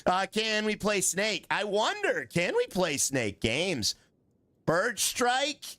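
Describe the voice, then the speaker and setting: A middle-aged man doing live gameplay commentary, excitable and jokey as he banters with his viewers. His pitch sits high and leaps around all the time, and his tone is bright and sharp. Soft music plays behind him. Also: slow pace, no echo. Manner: excitable and joking, chatting with viewers. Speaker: streamer.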